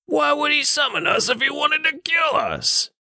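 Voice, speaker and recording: A man voicing a snide, smelly, waddling male adventurer who shouts in a high, strained voice. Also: very animated, normal speed, vocal fry, no room sound, clean studio sound, full character voice.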